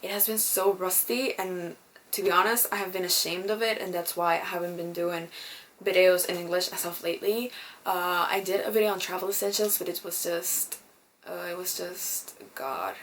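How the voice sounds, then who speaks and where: Chatty young woman, lowish voice. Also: steady tone, moderate pace, a bit bright, a little hiss or hum. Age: young adult. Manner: chatty, lots of ums, swears casually. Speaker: beauty vlogger. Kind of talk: casual chat.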